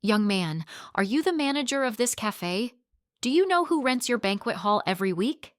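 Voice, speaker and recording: Poised confident businesswoman, read by a woman, kind, composed, gently assertive, storybook, dry close sound. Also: a little high, expressive, normal speed, dry recording, voice pushed up, close to an everyday voice.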